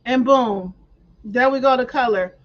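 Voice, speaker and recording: Her high voice moves a little slowly as she hosts a laid-back craft tutorial over screen share, chatting through each click with playful slang. Frequent throat-clearing comes through the dull, lo-fi sound.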